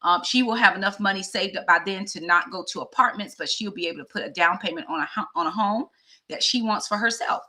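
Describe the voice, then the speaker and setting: Fifties woman, vlogger, bright tone; conversational and heartfelt, speaks straight to her audience. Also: mid-range voice, fast talker. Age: 50s. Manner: heartfelt, conversational, addresses viewers directly. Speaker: vlogger and teacher. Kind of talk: candid personal vlog talk.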